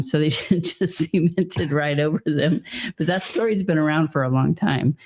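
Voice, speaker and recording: A woman's voice: low-pitched, mellow, highs cut off. A woman from Northern California co-hosting a paranormal live stream, chatting in a rambling way with many filler ums. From Shasta County, Northern California. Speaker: co-host and video editor of a paranormal channel. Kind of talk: casual live-stream chat.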